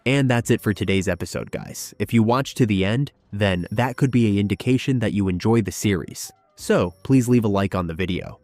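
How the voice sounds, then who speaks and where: A man's voice: lowish voice, brisk, hardly any pauses, a little mellow, dry recording. A man narrating a fan-made action story in a dramatic storytelling manner. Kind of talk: scripted narration.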